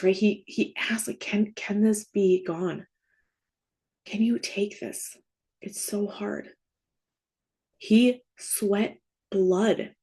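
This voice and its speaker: A woman's voice: medium pitch, a little mellow, husky. A woman in her thirties hosting a faith-based grief podcast, talking casually and often checking in with "right?" and "okay?". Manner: conversational, frequent "like" and "right?" check-ins. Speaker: grief coach and podcast host. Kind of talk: casual spoken podcast teaching.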